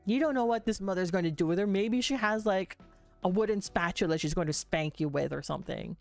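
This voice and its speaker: A woman narrating a livestreamed tabletop game as game master, meandering and halting with many fillers. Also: medium pitch, soft background music.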